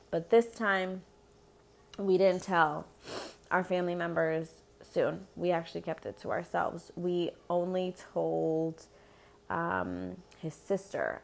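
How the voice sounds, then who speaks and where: A woman's voice: lowish voice, creaky. A young woman telling her pregnancy story in a candid personal vlog, rambling, laughing often and swearing freely. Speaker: expectant mother.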